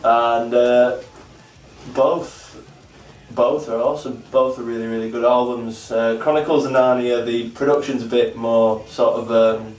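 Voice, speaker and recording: A man talks in an even, flat voice, earnestly rambling through his praise for a band. He sounds distant and roomy. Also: mid-range voice, measured pace. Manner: earnest, rambling enthusiasm with restarts. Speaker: vlog co-host reviewing albums. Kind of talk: casual chat.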